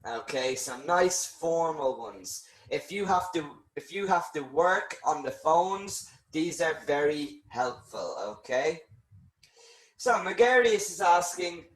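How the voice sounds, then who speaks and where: A man's voice: on the high side, big pitch swings, measured pace, a bit bright. A man teaching English phone vocabulary in a live lesson, patiently explaining and answering viewer questions. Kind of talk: live-streamed language lesson. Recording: roomy echo.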